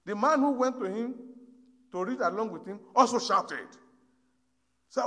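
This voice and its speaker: A man preaching a sermon, telling a story and swinging from hushed asides to loud exhortation. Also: very high-pitched, a little slow, pauses often, in a large hall.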